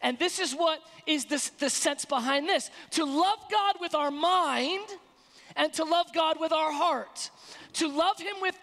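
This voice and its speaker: A woman's voice: high-pitched, a little slow, fairly bright tone, in a large hall. A woman pastor giving a sermon in an emphatic, colloquial preaching manner, recorded in a church sanctuary.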